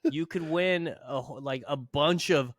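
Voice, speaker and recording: A man's voice: a little high, measured pace, no echo, clean studio sound. A man co-hosting a podcast in casual chat, joking, swearing and laughing a lot. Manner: profane, jokey, laughs often. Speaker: podcast co-host.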